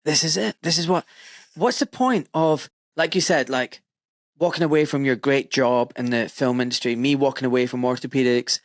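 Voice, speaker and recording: A middle-aged man with a British accent hosting a podcast, telling stories in lively casual talk, swearing freely and acting out voices. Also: mid-range voice, moderate pace, no room sound, clean studio sound. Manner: animated storyteller, swears freely, acts out voices. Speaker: podcast host. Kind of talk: casual conversation.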